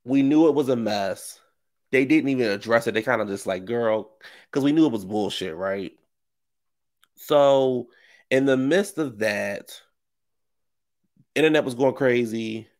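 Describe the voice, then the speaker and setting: A man's voice: mid-range voice, unhurried, long pauses. A man giving rambling, slangy commentary on reality TV gossip with lots of asides. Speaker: commentary vlogger.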